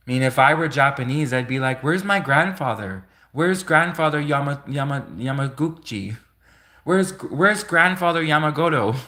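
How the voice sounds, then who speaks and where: A man rambles through a casual live stream monologue at an ordinary mid pitch. He repeats and restarts his thoughts and keeps breaking into little chuckles as he talks to his viewers. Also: a bit bright. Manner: rambling, chuckles between remarks, repeats himself.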